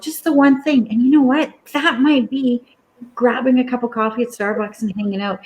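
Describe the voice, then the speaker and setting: A woman's voice: a little high, a little fast, darkish tone. A woman in her fifties hosting a casual chat, upbeat and motivational, often acting out her own self-talk. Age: 50s. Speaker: host.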